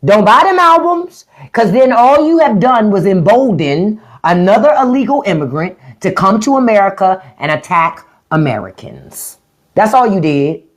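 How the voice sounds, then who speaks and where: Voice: mid-range voice, big pitch swings, normal speed. A livestream host giving a blunt, profane, mocking rant to viewers. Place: livestream at home.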